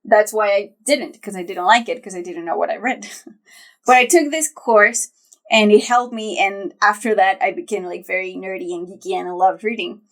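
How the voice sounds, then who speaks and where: A woman's voice: mid-range voice, moderate pace, a bit bright. A woman co-hosting a podcast, chatting casually and thinking aloud with lots of "like" and restarts. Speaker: podcast co-host. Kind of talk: casual chat.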